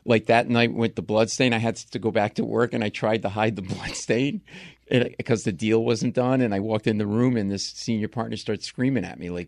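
A man from Rhode Island, a comedian telling stories as a guest in an interview, lively and slipping into voices for the people he quotes. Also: medium pitch, fairly quick, vocal fry, no room sound, studio quality. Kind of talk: storytelling interview chat.

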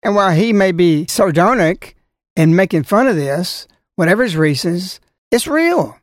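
Man preaching, scolding and forceful, rhetorical questions, dry close sound. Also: sits high, lively intonation, moderate pace, dry recording. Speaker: religious speaker. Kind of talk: preaching talk.

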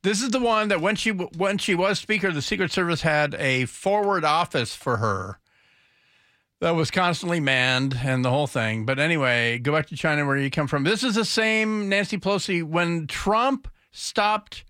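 A man's voice: fairly high pitch, moderate pace, pushed and bright, no room sound. A man hosting a talk radio show, rambling commentary with sarcastic, mocking asides into a studio microphone.

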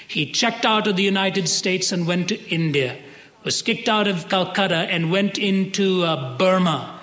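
High-voiced preacher in a reverberant hall. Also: male voice, measured pace, a bit bright. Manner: dramatic storytelling, voicing quoted characters. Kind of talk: sermon storytelling.

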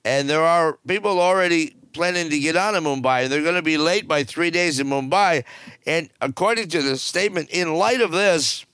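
A man's voice: a little high, normal speed, a bit bright, smooth, dry recording. An older man hosting a cruise news show, giving blunt, rambling and jokey commentary full of fillers.

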